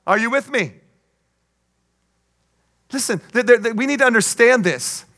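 A man's voice: very high-pitched, lively intonation, normal speed, a bit bright. A man preaching a sermon as pastor, emphatic, with call-and-response asides and playful jokes.

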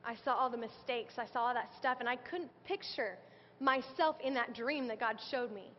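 High-voiced woman preaching in a reverberant hall. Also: moderate pace, slight background noise. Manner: earnest, conversational preaching with scripture quotes. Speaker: speaker sharing testimony. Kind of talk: sermon. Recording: dull sound with long hall reverb.

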